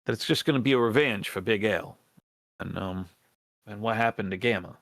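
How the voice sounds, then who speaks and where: A man's voice: lowish voice, a little fast, a bit bright, dry recording, studio quality. A man voicing an earnest female rat rebel who pleads for allies, in a hesitant folksy drawl full of restarts. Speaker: game master. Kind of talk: in-character role-play in a tabletop game.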